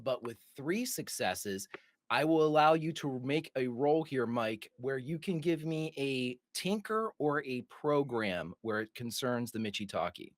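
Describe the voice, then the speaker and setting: Calm male game master. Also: medium pitch, a little slow, dry recording. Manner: calm, describing scenes and calling for rolls. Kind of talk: narrating a tabletop game.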